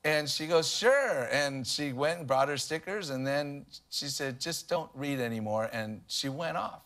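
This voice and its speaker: A man delivers a sermon in a relaxed, talkative way. His voice sits a little high, and he drifts into humorous everyday stories as he preaches. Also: moderate pace. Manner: conversational preaching with humorous anecdotes. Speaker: pastor.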